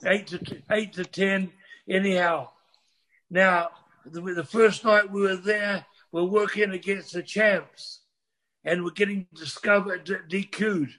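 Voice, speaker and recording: A man's voice: high-pitched, a bit bright. An older man, telling a rambling, profane story as a guest on a casual chat. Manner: rambling, restarts, swears freely.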